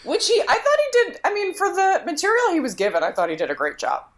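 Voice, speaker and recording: A woman's voice: very high voice, big pitch swings, fast talker. A young adult woman co-hosting a casual podcast, chatty, restarting sentences and laughing as she makes her points. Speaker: podcast co-host. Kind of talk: casual movie discussion.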